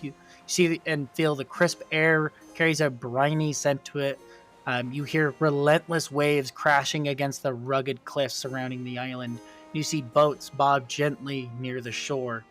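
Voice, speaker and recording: A young man narrating a tabletop game as game master, descriptive and quick to laugh. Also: mid-range voice, fairly bright tone.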